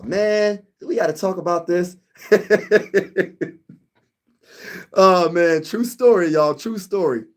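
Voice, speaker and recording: A young man with a noticeably high voice hosts a casual sports livestream. He talks to his chat with hyped, trash-talking fan energy, riding the highs as he banters.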